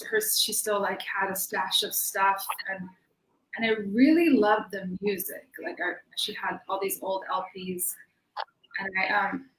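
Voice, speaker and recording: A woman's voice: medium pitch, fairly bright tone, roomy sound, slight background noise, low-quality recording. A woman speaking as a dancer guest in a casual interview, chatty and laughing often, with many fillers, on a video call from home. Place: home room in Sweden.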